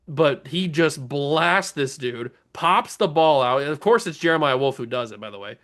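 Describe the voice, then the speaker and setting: A man with a slightly higher-than-average voice calls his own video game session play by play, cracking jokes and talking to himself. He drops to low mutters during tense moments and jumps into excited yells when something big happens. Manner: joking, self-talking, swings between mutter and excited yells. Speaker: gaming channel host.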